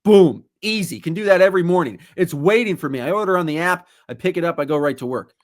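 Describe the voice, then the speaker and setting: Animated man ranting on a podcast. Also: high voice, fast talker. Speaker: podcast co-host. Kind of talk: casual podcast chat.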